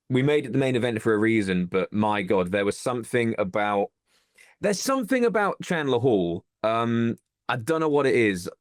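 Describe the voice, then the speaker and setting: A man's voice: mid-range voice, no echo, clean studio sound. A man, a wrestling promoter guest, chatting enthusiastically in a casual interview over a video call and rambling with restarts.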